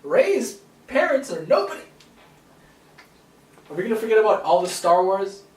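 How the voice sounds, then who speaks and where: Young male co-host, lively swings in pitch, roomy and distant camera-mic sound. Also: moderate pace. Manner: animated, laughing, swearing, acts out quotes. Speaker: podcast co-host. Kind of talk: casual movie discussion.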